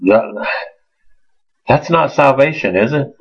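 An earnest man preaching a sermon, stumbling and repeating himself as he goes. His voice is husky, and the recording sounds muffled and lo-fi. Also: medium pitch, lively intonation. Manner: earnest, halting, repeats words. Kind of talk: informal sermon.

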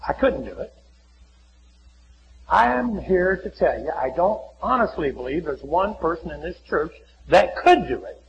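A man preaching a folksy sermon in a church, often acting out little conversations and dropping to a hushed voice. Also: a little high, big pitch swings, moderate pace, gravelly, highs cut off, a little hiss or hum. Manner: folksy, acts out little dialogues, many drops to a hushed voice. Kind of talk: sermon with altar call.

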